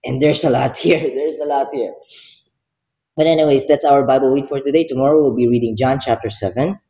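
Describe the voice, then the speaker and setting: A man's voice: mid-range voice, quick pace, dark tone, highs cut off. A man reading the Bible aloud, commenting on it with emotion and passion, then praying. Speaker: Bible reader. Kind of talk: devotional Bible reading and prayer.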